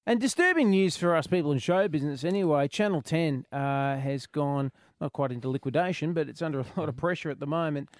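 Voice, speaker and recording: A man's voice: a little high, animated, fairly quick, few pauses, no echo. A man co-hosting a comedy radio show, wry and jokey. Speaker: radio co-host.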